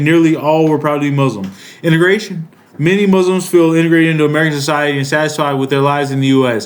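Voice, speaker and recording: A man in his thirties giving heated political commentary, profane, rambling and indignant. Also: a little high. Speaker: political commentary channel host.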